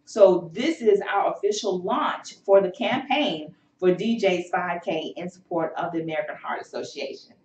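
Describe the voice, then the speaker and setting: A woman's voice: lowish voice, normal speed, few pauses, a little mellow. Encouraging woman host in a roomy, distant recording. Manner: encouraging, faith-filled, many fillers. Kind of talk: health show chat. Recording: roomy, distant, dull sound.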